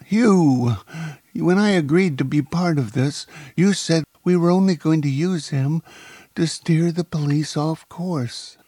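A man's voice: on the high side, unhurried, mellow, no room sound, pitched above the performer's own voice. A man voicing a distraught young woman caught up in a criminal scheme, talking in a frantic, pleading way. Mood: angry.

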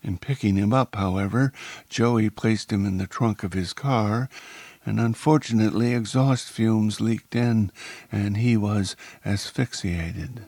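A man voicing a calculating male crime boss who speaks in a measured, coolly polite way. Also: on the low side, darkish tone, dry recording, voice pushed up.

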